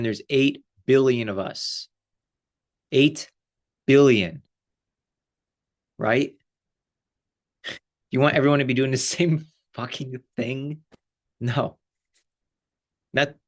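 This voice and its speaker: A life coach, a man with a mid-range voice, gives a casual, animated spiritual talk packed with fillers and frequent laughter.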